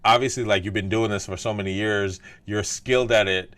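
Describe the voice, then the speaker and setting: A man hosting a podcast. His low voice is recorded close and dry. He reflects aloud in loose sentences full of "like" and "right?". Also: fairly even intonation, fairly quick, fairly bright tone, no room sound. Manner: thoughtful, heavy use of "like" and "right?". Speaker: podcast host, doctor. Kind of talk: casual interview chat.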